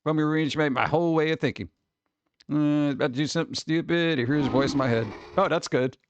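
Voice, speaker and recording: A man hosting a casual livestream, chatting with viewers in a jokey, excitable way, with sudden exclamations. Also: on the high side, quick pace, lo-fi sound, noisy background. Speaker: livestream host.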